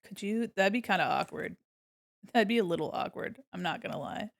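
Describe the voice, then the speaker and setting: A woman's voice: medium pitch, brisk, creaky. A woman streamer chatting casually with her viewers while drawing, laughing and humming to herself.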